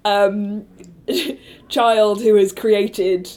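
Laid-back woman talking improv on a podcast, slow, jokes about herself and laughs a lot. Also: mid-range voice, a little mellow. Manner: self-deprecating, laughs often. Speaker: guest improviser. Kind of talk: casual podcast chat.

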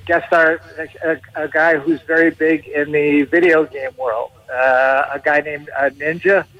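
A man's voice: on the high side, steady tone, a little slow, fairly bright tone, dull audio. Chatty middle-aged man, laughing guest. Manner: chatty, laughs often, frequent restarts. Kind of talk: casual interview.

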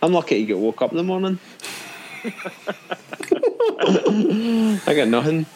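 A man joining a casual football chat as a guest, wry and quick with a joke, and firm in his opinions. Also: high-pitched, wildly swooping pitch, darkish tone, slight background noise. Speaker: podcast guest.

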